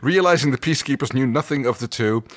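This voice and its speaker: A man's voice: mid-range voice, fast, dry recording, clean studio sound. A man reading a novel aloud and bantering casually, often breaking into laughter. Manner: laughing, chatty. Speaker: reader of a novel.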